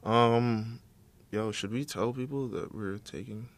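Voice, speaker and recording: A man co-hosting a podcast in loose, profane, joking chat. His voice sits at an ordinary pitch, and the sound is dry and close. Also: fairly even intonation, takes it slowly, no echo. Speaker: podcast co-host. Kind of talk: casual chat.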